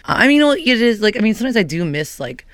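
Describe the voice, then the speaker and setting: A woman's voice: fairly high pitch, big pitch swings, very fast, fairly bright tone, dry recording. A woman talking candidly as a guest, rambling in a hyper, restless way, recorded on a dry close mic. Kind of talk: candid personal talk.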